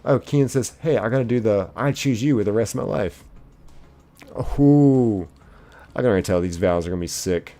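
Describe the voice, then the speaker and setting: A man's voice: lowish voice, moderate pace, mellow, soft background music. A man streaming live, casually reading viewers' chat messages aloud in a chipper lilt and chatting back.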